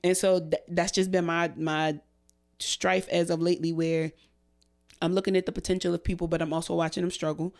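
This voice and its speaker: A woman's voice: lowish voice, level tone, a little fast, darkish tone. A young adult woman co-hosting a podcast in casual chat. She swears freely and talks in long, heartfelt runs, close to tears. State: emotional, near tears. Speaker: podcast co-host.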